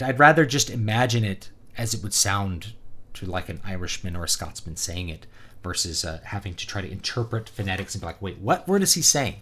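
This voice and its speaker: A man's voice: on the low side, a bit bright. A man giving a casual, opinionated product review, talking conversationally with plenty of fillers. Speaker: book reviewer and author.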